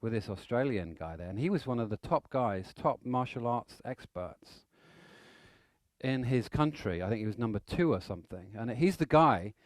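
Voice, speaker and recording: Guy teaching a seminar, animated storyteller, dry close sound. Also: medium pitch, moderate pace, no room sound. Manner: animated, acts out stories with shouts and laughter. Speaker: NLP trainer.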